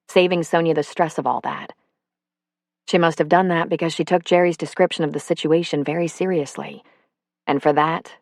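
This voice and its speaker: A woman narrating a novel as an audiobook, telling it in a steady, even way. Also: lowish voice, gravelly, dry recording, clean studio sound.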